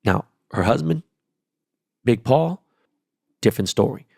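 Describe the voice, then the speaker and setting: A man's voice: mid-range voice, lively intonation, measured pace, vocal fry, a little mellow, slightly rough, no room sound, clean studio sound. A man hosting his own podcast, talking alone in a rambling, profane and emphatic way about movies, shows and football. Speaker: podcast host. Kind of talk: casual solo podcast monologue.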